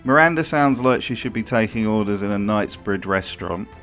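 A man's voice: on the low side, animated, fairly quick, a bit bright, faint music behind. A man giving scripted commentary for a video, sarcastic and profane in his remarks.

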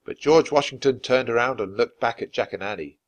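A man reading a children's chapter book aloud clearly and expressively for language learners. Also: mid-range voice, brisk, dry recording. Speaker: storybook reader.

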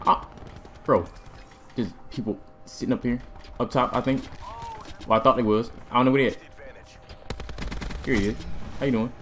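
A young man giving excited gameplay commentary as a gaming video host, loud and jumpy, repeating himself in bursts. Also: lowish voice, fairly quick, pauses often. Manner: hyped, loud outbursts, repeats phrases, laughing. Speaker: gaming YouTuber. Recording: faint music and gunfire behind.

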